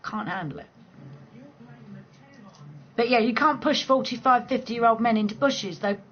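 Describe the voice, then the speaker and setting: A woman's voice: fairly high pitch, moderate pace, fairly bright tone, highs cut off. A woman, chatting casually and playfully on a late-night livestream from home, swearing freely and laughing often. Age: 40s. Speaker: livestream host chatting with viewers.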